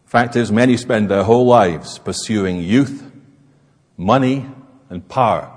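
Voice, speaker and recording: A man's voice: fairly low pitch, unhurried, a little mellow. A man preaching a sermon in an emphatic, explanatory manner, recorded in an echoey hall. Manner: emphatic, expository.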